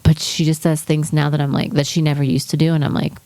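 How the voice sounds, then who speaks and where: A woman's voice: low-pitched, little pitch movement, quick pace, dark tone, no echo. A young woman co-hosting a podcast, chatting casually and acting out quotes as she tells a story, swearing freely. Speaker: podcast co-host. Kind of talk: casual chat.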